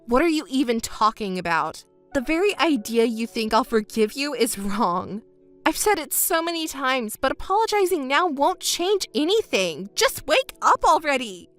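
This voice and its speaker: A woman reading as a betrayed wife in a texting story, scornful, sharp and mocking. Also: fairly high pitch. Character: betrayed wife, adult woman, cold and cutting.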